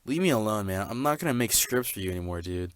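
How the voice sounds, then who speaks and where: A man's voice: lowish voice, animated, quick pace, clear, resonant tone, no echo, studio quality, lightly acted. A man voicing a fed-up male AI robot who writes scripts, curt and dismissive, in a comedy skit.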